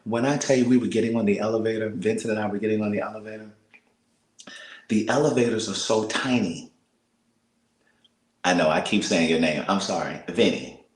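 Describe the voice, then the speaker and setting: An American man talking casually to live viewers from a small apartment, speaking softly and half-whispering, laughing and reading out comments. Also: fairly low pitch, reverberant, rough recording. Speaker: vlogger on a livestream.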